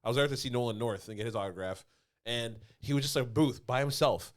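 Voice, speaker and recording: A man's voice: mid-range voice, brisk. A man co-hosting a podcast, telling a rambling story in casual chat and laughing as he goes. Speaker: podcast co-host.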